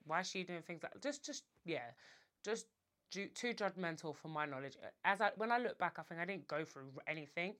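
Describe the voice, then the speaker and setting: A woman's voice: low-pitched, a bit bright. A woman in her thirties, from England, talking candidly to camera in a casual, chatty vlog with frequent asides. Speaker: vlogger. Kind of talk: casual confessional talk to camera.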